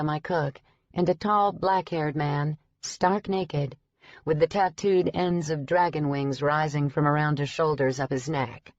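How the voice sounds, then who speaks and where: A woman narrating an urban fantasy audiobook in the first person, in a brisk storytelling manner. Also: low voice, no room sound, muffled recording. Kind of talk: scripted narration.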